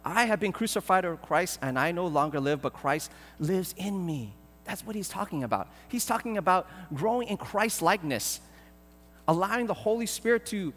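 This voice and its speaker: A man preaching a sermon as pastor, earnest and pleading, often repeating words and filling pauses. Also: sits high, a bit bright, big-room sound.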